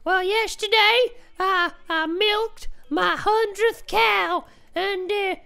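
A man doing a cheerful farm woman with a shrill, sky-high voice. She drawls slowly in a sing-song way and happily gets her facts muddled. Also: steady tone, gravelly, sharp tone, full character voice. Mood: doting. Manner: slow, sing-song, mixes things up. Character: dotty, cheerful farm woman who keeps an ice cream parlour. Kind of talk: improvised comedy role-play in a video game.

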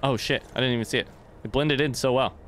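In this let's play, a man talks quickly in a mid-range voice, giving animated, casual commentary while swearing often and talking back to the game's characters. There's a little hiss or hum in the audio.

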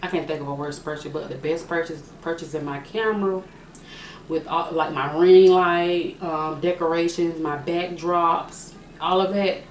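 Speaking at normal speed with fairly even intonation, this young vlogger has a lowish voice as she answers questions chattily and with jokes, frequently musing aloud. Her mic is far away in an echoey room, with faint hiss.

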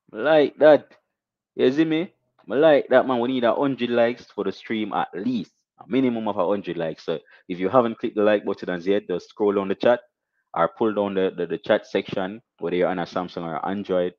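A young Jamaican man hosting a casual live stream, shouting out viewers and reading donations with animated, repetitive catchphrases. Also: low-pitched, moderate pace, no room sound, lo-fi sound.

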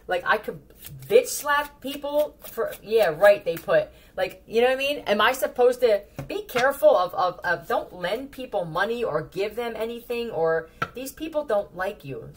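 A woman with a Philadelphia accent giving a casual tarot reading, blunt and profane, with animated warnings to her viewers. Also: medium pitch, a little hiss or hum. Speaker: tarot reader.

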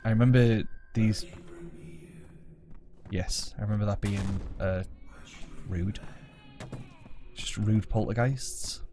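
A man's voice: on the low side, fairly even intonation, slow pace, long pauses, noisy background. A man playing a game at his home desk, joking, swearing and mocking himself as he plays. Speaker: let's play gamer. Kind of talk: casual gameplay commentary.

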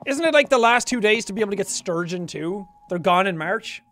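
A man giving a jokey, animated let's play commentary, swearing and talking to himself as he plays. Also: high voice, fairly quick, soft background music. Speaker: gaming streamer.

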